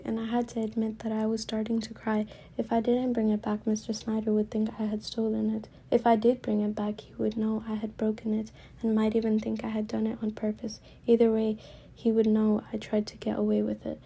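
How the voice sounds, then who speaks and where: A woman reading a children's book aloud in a soft, often whispered narration. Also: a little high, slightly rough. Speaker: story reader.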